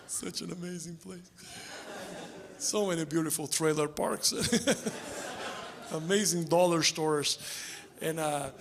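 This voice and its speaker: A man doing stand-up comedy, deadpan and chuckling at his own jokes, on a stage mic. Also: high voice. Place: theater stage before a live audience. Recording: live show with crowd laughter. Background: audience laughter.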